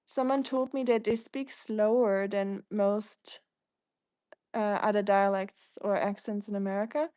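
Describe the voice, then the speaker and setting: A woman's voice: on the high side, a little mellow, no room sound. A woman from Germany with a German accent, hosting a casual livestream and chatting through viewer comments in a rambling way. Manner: chatty, rambling, reads out comments and answers them. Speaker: livestream host.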